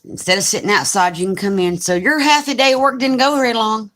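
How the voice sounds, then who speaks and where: A woman's voice: fairly high pitch, quick pace, a bit bright. Chatty Southern woman on a live stream. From Alabama, US. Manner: chatty, teasing, reads comments aloud. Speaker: crafting channel host. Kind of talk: casual live-stream chat.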